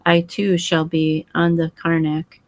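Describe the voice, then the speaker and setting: A woman's voice: lowish voice, completely flat delivery, dry recording. A woman reading as a fussy foreign detective. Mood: measured. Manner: formal, measured speech.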